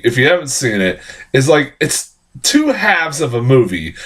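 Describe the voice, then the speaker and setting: A man giving a casual, rambling film review, excitable and swearing often. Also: mid-range voice.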